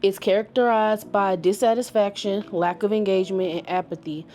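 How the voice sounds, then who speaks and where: A woman's voice: mid-range voice, fairly even intonation, normal speed, mellow, a little hiss or hum. A woman hosting her own channel, chatting casually to the camera in a playful, joking way with plenty of informal slang and frequent laughter. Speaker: YouTube channel host.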